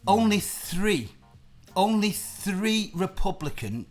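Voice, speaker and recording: A man's voice: sits high, sing-song, slow, faint music behind. Heated, swearing male stream host. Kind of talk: casual live-stream chat.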